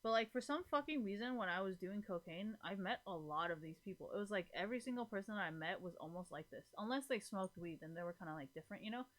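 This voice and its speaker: A woman streamer chatting casually to her live audience, rambling, swearing freely and filling nearly every pause with "like". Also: medium pitch, expressive, a bit bright. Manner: rambling, profane, fills every gap with "like".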